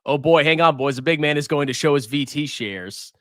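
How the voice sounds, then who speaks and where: A man hosting a casual personal finance livestream, talking in a sarcastic, mocking, excitable way. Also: fairly high pitch, fairly quick, dry recording, studio quality.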